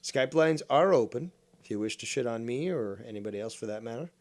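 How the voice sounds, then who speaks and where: A man's voice: medium pitch, animated, fairly quick, darkish tone. A man from Canada hosting a gaming stream, teasing and swearing as he rambles on a computer mic. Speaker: streamer host. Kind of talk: casual gaming stream chat.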